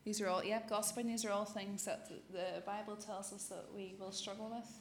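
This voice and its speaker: A woman leading an interactive church teaching talk, affirming answers warmly with yeah and absolutely and pausing often with um. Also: medium pitch, steady tone, background noise. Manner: affirming, thoughtful, frequent um pauses. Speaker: Bible study leader.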